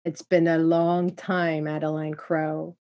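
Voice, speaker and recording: A woman voicing a mysterious male crossroads spirit who speaks slowly and coyly, in a low, flat voice. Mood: sly. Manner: slow, coy, teasing.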